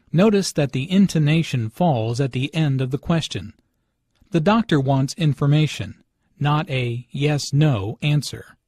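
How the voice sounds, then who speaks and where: A man narrating language notes as a teacher in slow, deliberate scripted instructional narration. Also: medium pitch, a little mellow, husky, no echo, clean studio sound. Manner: slow, deliberate explanatory delivery.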